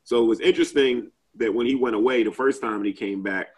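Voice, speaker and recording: A man's voice: mid-range voice, fast, husky, poor audio. A man in a casual group chat, talking at length with many fillers and restarts.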